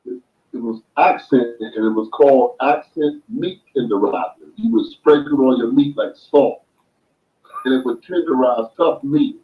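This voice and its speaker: A man talking as a boxing guest in a casual chat, making his points slowly and emphatically with homespun sayings. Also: mid-range voice, phone-quality sound. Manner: slow emphatic explaining, makes points with sayings.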